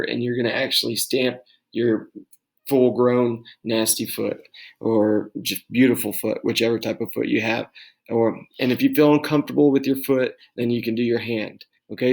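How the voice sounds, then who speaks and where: A man's voice: medium pitch, creaky, low-quality recording. A young man from Texas, a teacher giving recorded class instructions from his home office, talking casually with lots of ums and okays.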